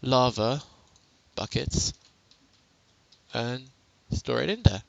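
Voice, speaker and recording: A man talks through a gameplay tutorial in a relaxed, offhand way, his voice quiet and caught by a headset mic. He is self-mocking and sarcastic, often laughing at himself. His pitch sits in an ordinary middle range. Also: slow pace, gravelly, no room sound, poor audio. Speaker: game tutorial maker. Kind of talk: casual gameplay tutorial commentary.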